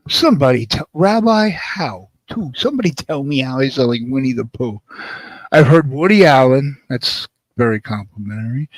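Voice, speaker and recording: Deadpan man with a lively pitch. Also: normal speed, dry recording. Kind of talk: casual chat.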